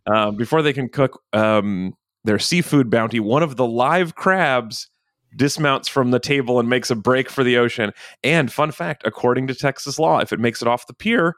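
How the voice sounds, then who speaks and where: A man's voice: medium pitch, normal speed, a bit bright, dry recording, clean studio sound. A man hosting a casual podcast, joking and rambling with fillers. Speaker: podcast host.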